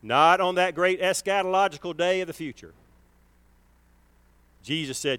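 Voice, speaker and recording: A man preaching a sermon, emphatic, swelling and slowing down on key words. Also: fairly high pitch, fairly bright tone, smooth, dry recording.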